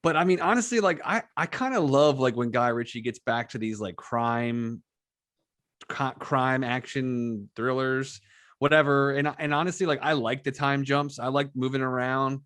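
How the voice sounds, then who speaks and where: A man's voice: mid-range voice, moderate pace, fairly bright tone, no room sound. A man co-hosting a movie review podcast, enthusiastic, stammering and restarting as he talks. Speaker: podcast co-host. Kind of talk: casual movie review chat.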